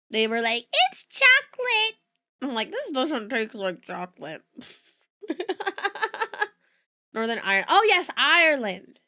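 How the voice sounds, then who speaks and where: Bright, lively young woman streamer. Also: a little high. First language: Spanish. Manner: chatty, giggly, rambling asides to chat. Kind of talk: casual reaction-stream chat.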